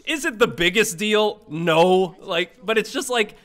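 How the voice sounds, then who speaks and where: A man giving chatty live commentary on his own gameplay, excitable and quick to swear at teammates. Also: high-pitched. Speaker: gaming streamer.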